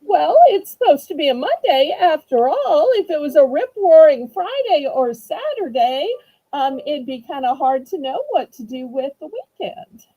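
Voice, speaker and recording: A woman's voice: sits high, very animated, normal speed, mellow, low-quality recording. A woman with a Southern US accent hosting a live-stream auction, gracious, chatty and effusive. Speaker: auction host.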